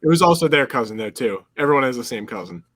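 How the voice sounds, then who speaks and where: A man's voice: mid-range voice, expressive, fast, a loud crowd. A man co-hosting a casual podcast, talking in a laid-back, hedging way. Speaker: podcast co-host. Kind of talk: casual chat.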